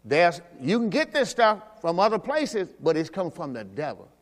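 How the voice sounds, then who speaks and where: On a Sunday service in church, a high-voiced male pastor delivers a sermon at normal speed, working through scripture. His pitch swings hugely as he moves between loud, pressing exhortation and low, confiding asides, and a long reverb carries his voice through the hall.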